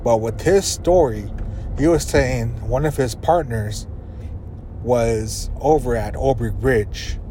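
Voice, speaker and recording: Speaking slowly in a dark, medium-pitched voice, a man from an Arizona reservation hosts a podcast from his car on a dirt road. He rambles casually through stories, chuckling and swearing, while faint vehicle noise hums in the background.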